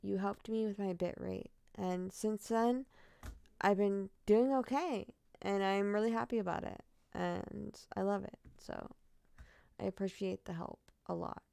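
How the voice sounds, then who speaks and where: Girl signing off her true crime stream, kinda gravelly, talks slow, rambly and sweary, super dry sound. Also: medium pitch, mellow, dry recording. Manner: candid and rambling, swears freely. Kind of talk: casual sign-off chat.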